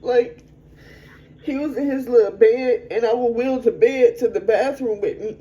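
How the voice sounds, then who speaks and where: A woman's voice: fairly high pitch, mellow, highs cut off. A young adult woman telling a personal story frankly as an interview guest, in a conversational way. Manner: frank, conversational, quick to vent.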